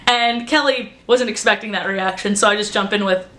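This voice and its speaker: A young woman vlogger chatting casually and excitedly, with lots of "like" as she recounts her day. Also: medium pitch, fairly quick. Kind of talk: casual vlog recap. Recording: roomy echo.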